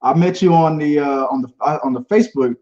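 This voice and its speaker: A man's voice: a little high, fairly quick, darkish tone. A man, hosting a casual podcast chat in a laid-back, rambling way and laughing often. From Houston, Texas. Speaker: podcast host. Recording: dull lo-fi audio.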